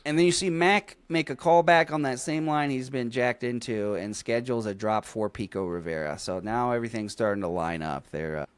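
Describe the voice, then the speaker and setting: A man's voice: mid-range voice, fairly quick, hardly any pauses, clean tone, dry recording. A man co-hosting a podcast, casually recapping a film and acting out the characters' lines with plenty of swearing. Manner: animated storytelling, acts out quotes, swears casually. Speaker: podcast co-host. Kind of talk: casual movie recap chat.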